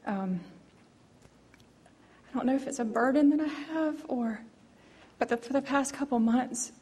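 A woman nervously sharing a personal testimony before a congregation, hesitant with many pauses. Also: fairly high pitch, a little mellow, slightly rough, big-room sound.

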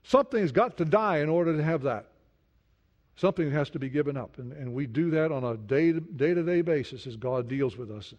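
A man preaching a sermon in an earnest way, dropping to a soft hush when he speaks prayers. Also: a little high, expressive, moderate pace. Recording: dull lo-fi sound.

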